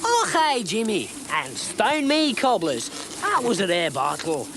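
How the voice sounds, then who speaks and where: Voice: medium pitch, wildly swooping pitch, a little slow, noisy background. A performer voicing a blustering Scottish king with a put-on Scottish accent, bombastic and easily flustered. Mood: jokey.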